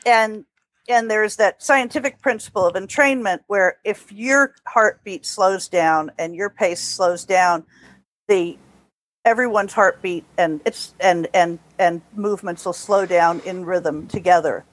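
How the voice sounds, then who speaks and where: A woman from New Jersey, a dog trainer, gives calm, explanatory interview answers over headphones on a remote call, often restarting her sentences. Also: medium pitch, measured pace. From New Jersey, USA. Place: temporary room away from home.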